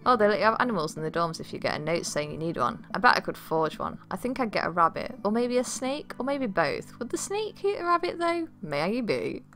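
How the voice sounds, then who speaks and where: A woman's voice: medium pitch, sing-song, fairly quick, few pauses, fairly bright tone. A woman voicing an eager, chatty teenage girl headed to college, in a game read-along. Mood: excited.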